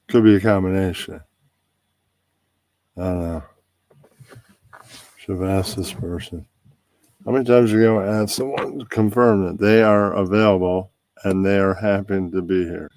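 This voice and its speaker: Very deep-voiced man, dry close sound. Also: moderate pace, pauses often, no echo. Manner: relaxed, rambling, talks to himself while setting up. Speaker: podcast host. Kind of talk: casual chat before a live stream.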